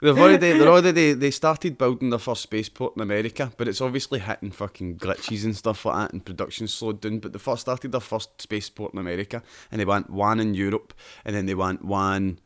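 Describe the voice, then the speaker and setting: A man's voice: fairly low pitch, brisk, hardly any pauses. A Scottish man hosting a podcast, chatting casually, explaining at length with plenty of swearing and laughter. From Scotland. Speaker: podcast host. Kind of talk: casual chat.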